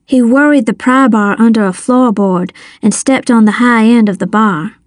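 A woman reading a first-person children's adventure story aloud, measured and suspenseful, on a close mic. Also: on the high side, dry recording. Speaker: audiobook narrator.

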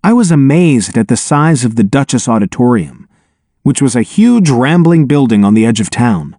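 A man narrating an audiobook in an expressive, wry first-person telling, on a close studio mic. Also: mid-range voice, normal speed, dry recording.

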